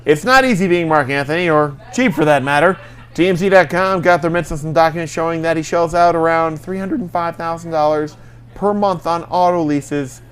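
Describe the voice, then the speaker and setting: Smooth-voiced man reading news. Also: a little high, brisk, a bit bright. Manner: reads headlines aloud, stumbles through mental math. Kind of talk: casual entertainment news chat.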